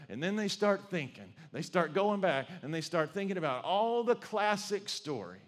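A male pastor preaching a sermon, telling the story with animated, conversational energy. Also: sits high, a little fast, hardly any pauses.

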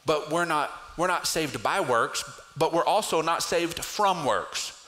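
A middle-aged man preaching a sermon, telling a personal story with lively swings in pitch. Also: a little slow, low-quality recording. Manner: storytelling with animated pitch jumps in acted prayers. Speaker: pastor.

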